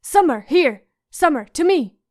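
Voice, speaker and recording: A woman's voice: high-pitched, a little fast, a little mellow. A woman voicing an anxious, earnest young boy.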